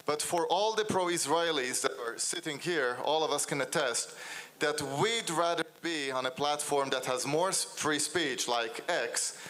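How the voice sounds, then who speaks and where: A man's voice: fairly high pitch, unhurried, a bit bright. A man answering on a conference panel in an articulate, explanatory way.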